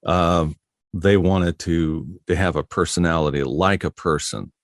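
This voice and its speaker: A man's voice: low-pitched, fairly even intonation, measured pace, no echo, studio quality. A middle-aged man, a voiceover artist, talking easily in an interview and telling stories about his work with frequent chuckles. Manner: easygoing, anecdotal, chuckles often. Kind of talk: relaxed interview conversation.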